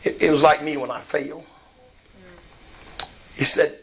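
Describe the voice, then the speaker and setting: A man preaching a lively sermon. He retells scripture with call and response, swinging between loud shouts and hushed, quiet storytelling. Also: a little high, moderate pace, pauses often.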